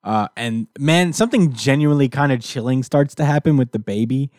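A man talks through a comic's plot in a loose, animated way, jumping into quick voices for the characters. His voice sits at an ordinary middle pitch. The sound is dry and close, with no room around it. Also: no echo. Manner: animated storyteller who acts out characters' lines. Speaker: podcast co-host recapping a comic. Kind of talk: casual chat.

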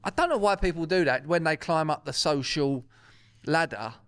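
A man's voice: a little high, expressive, moderate pace, clean tone, no room sound, clean studio sound. A young man, chatting casually and laddishly as a podcast co-host. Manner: chatty, laddish, swears freely. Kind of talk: casual banter, reading gossip news aloud.

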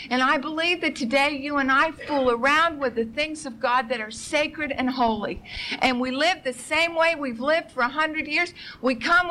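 A woman's voice: high voice, sharp tone, slight background noise, rough recording. A woman preaching an urgent, impassioned sermon, pressing her listeners with rhetorical questions and pleading repetition.

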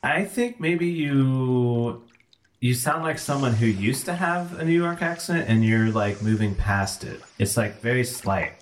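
A man's voice: mid-range voice, animated, a little slow, lightly acted. A man playing a laid-back guy at a spa who invites two strangers into the sauna, talking in an unbothered, easygoing way. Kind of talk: improv comedy role-play.

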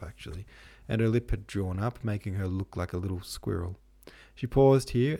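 Low, gravelly man, relaxed slangy audiobook reader. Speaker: podcast host and reader. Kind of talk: casual modern retelling of a classic novel.

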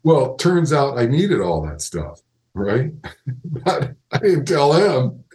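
An older man as an interview guest, telling casual work anecdotes with lively retellings and frequent laughter. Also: mid-range voice, slow, low-quality recording. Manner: animated anecdotes, acts out quoted voices, laughs often. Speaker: interview guest, animatronics animator.

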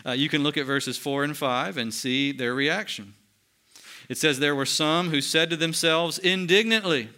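Earnest pastor with a bright voice. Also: male voice, fairly high pitch. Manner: earnest preaching, slows down and drops quiet for emphasis. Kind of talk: sermon.

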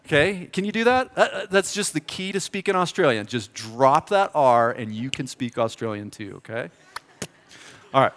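A middle-aged American man preaching a sermon, telling a story in an animated, joking, conversational way. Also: on the high side, normal speed. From United States. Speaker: pastor. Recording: reverberant hall.

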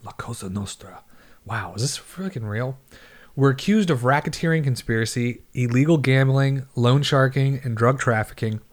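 A young man co-hosting a casual podcast, reading news stories aloud with a joking, irreverent edge. His voice sits at an ordinary middle pitch. He swears freely and trips over words as he reads. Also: moderate pace. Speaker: podcast co-host.

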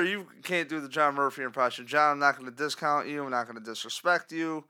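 A man co-hosts a casual sports podcast, his voice high and bright. He rants in long animated runs and slips into mock caller voices along the way. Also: fairly quick, few pauses, clean tone. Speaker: podcast co-host.

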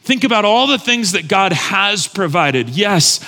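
A man's voice: high voice, very animated, unhurried, bright, forceful tone, faint music behind. A man preaching a sermon as pastor, earnest and conversational, repeating phrases for emphasis. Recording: long hall reverb.

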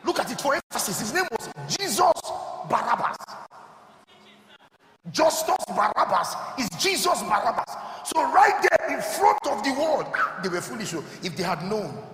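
A man preaching a sermon who keeps asking the congregation if they are listening and climbs into shouted, fervent exhortation. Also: extremely high pitch, big pitch swings, normal speed, few pauses, a little hiss or hum. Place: large church hall. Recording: echoey hall with music behind.

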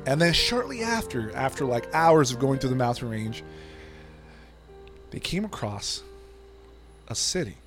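A man's voice: mid-range voice, a little slow, long pauses, over music. A man co-hosting a podcast, retelling a story in casual chat, swearing freely and acting out the quotes. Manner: profane, animated retelling with acted-out quotes. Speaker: podcast co-host.

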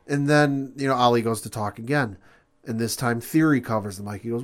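A man co-hosting a casual podcast chat, relaxed and agreeable, recounting what happened. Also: medium pitch, brisk. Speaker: podcast co-host.

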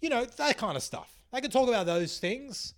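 A young Australian man, a comedian hosting his podcast, delivering a sarcastic, animated monologue and swearing freely. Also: very high voice, moderate pace.

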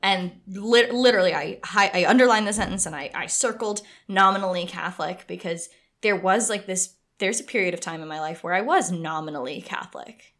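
A woman co-hosting a podcast, chatting casually about a book she loves, with lots of restarts. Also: fairly low pitch. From United States. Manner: chatty, animated, with frequent restarts. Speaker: podcast co-host.

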